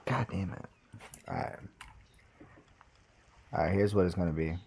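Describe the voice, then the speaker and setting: A man's voice: low voice, unhurried, gravelly, darkish tone, a little hiss or hum. A young man chatting casually on a live stream, swearing now and then as he sets up his audio.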